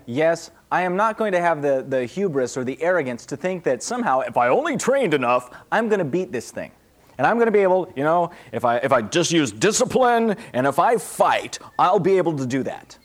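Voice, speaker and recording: A man, a pastor, answering questions in a casual, conversational sermon, acting out small voices. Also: a little high. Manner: conversational, animated, acts out little voices.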